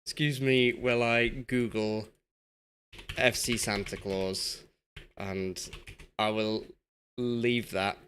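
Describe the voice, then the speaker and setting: A man's voice: lowish voice, steady tone, slow pace, long pauses, fairly bright tone, slight background noise. A young man from Yorkshire chatting casually while live-streaming a football management game and reading chat aloud. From Yorkshire, England.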